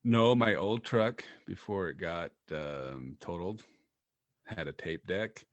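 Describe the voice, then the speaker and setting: A man with a deep, low-pitched voice chats on a podcast. He tells animated stories and laughs often, and the sound is dry and close. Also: slow, no room sound. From Utah. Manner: animated storyteller, laughs often, many fillers. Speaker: podcast co-host. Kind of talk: casual chat, storytelling.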